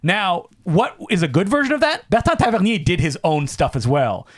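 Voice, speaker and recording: A man co-hosting a film podcast, chatting casually in an energetic, opinionated way. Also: high voice, moderate pace, no room sound, studio quality. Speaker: podcast co-host.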